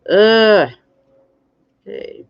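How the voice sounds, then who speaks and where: Her medium-pitched voice is gravelly but clean in tone as she crafts on a relaxed livestream. Tired and yawning, she rambles slowly, greets viewers, and reads chat aloud through dull lo-fi stream audio.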